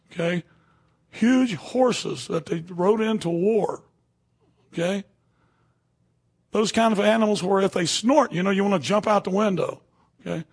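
A man with a high, breathy voice and some vocal fry preaches a sermon to a room of people. He keeps it conversational, checking in with "okay?" and "you know" as he goes.

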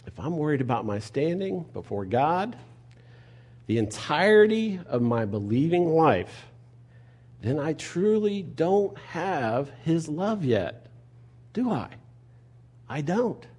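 Guy preaching a sermon, kinda husky and warm, chatty style, goes soft then loud. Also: on the high side, sing-song, slow pace. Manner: conversational preaching, rhetorical questions, swings between soft and loud. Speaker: pastor.

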